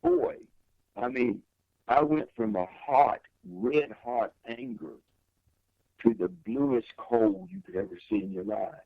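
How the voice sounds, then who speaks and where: A man's voice: slow, dry recording, narrow, tinny audio. An older man, a guest singer, telling a personal story in an interview with emphatic, swinging delivery. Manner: emphatic testimony with big pitch swings.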